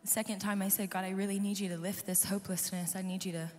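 A woman worship leader, hoarse and losing her voice, telling an earnest personal testimony to a live audience. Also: medium pitch, level tone, fast. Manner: earnest, storytelling, talks to the crowd. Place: large conference hall. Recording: live hall reverb with soft music.

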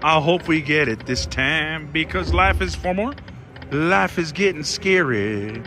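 A man's voice: on the high side, animated, unhurried, bright, forceful tone, a little hiss or hum. A man giving casual live commentary while gambling at a casino slot machine, talking to his viewers in a dramatic, theatrical way.

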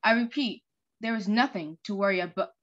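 A woman's voice: medium pitch, lightly acted. Woman reading as a pompous city mayor. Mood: formal. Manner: slow, formal read-aloud delivery. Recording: lo-fi muffled recording.

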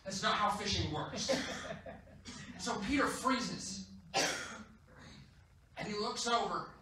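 Casting an emphatic, playful male preacher with a high voice, heard from off-mic in a booming sanctuary. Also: slow, a little hiss or hum. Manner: animated storytelling, playful and emphatic. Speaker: guest preacher. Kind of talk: sermon. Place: church. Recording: echoey church hall, distant mic.

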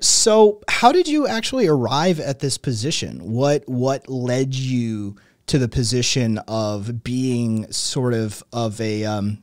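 Man in his late thirties, podcast host, rambling and talkative, mid pitch, dry close sound. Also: dry recording. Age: late 30s. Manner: talkative, wordy, many fillers and restarts. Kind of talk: conversational interview.

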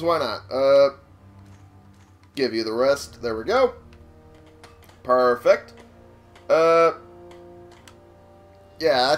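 A young man giving casual, rambling commentary while playing a video game, swearing and laughing often. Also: medium pitch. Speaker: let's-play gamer. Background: game music.

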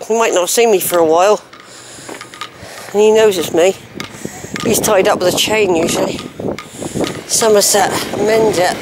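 A woman narrating a walking vlog outdoors on a lane, chatting and musing aloud to herself. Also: mid-range voice. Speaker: hiking vlogger. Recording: noisy outdoor recording with dogs barking.

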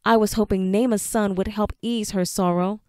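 A woman's voice: medium pitch, steady tone, moderate pace, a little mellow, clean tone, dry recording, clean studio sound, lightly acted. A woman reading an earnest, grieving young son. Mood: defiant, hurt. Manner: earnest, pleading, holding back tears.

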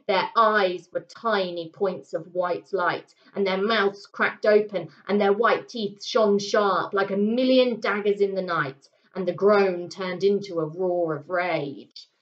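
A woman teacher reads a children's story aloud with expressive, dramatic pauses. Her pitch sits mid-range, and the recording is roomy and slightly dull. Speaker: primary school teacher.

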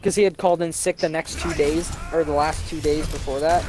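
A young man with a slightly high voice rants and tells crude, animated stories in casual chat over a headset. A steady wash of background noise sits under his voice, and his delivery stays loud and full of swearing. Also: brisk. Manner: animated, profane storytelling. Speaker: streamer. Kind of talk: casual chat while gaming. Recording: noisy background.

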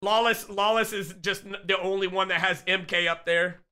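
A sick male streamer riffs excitedly with his chat while he plays, swearing freely and joking. His voice sits high and comes out very bright and sharp. The talk is loose and rowdy throughout. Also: moderate pace. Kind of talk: casual live-stream chat while gaming.

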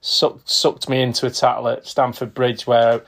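A man in his fifties spinning casual stories as a podcast guest. He talks at a middling pitch for a man and slips into other people's voices as he recounts old moments, with ready laughs between. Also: moderate pace, vocal fry. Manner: lively storyteller who acts out quotes and laughs often. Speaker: podcast guest, retired footballer. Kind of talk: casual anecdotal storytelling.

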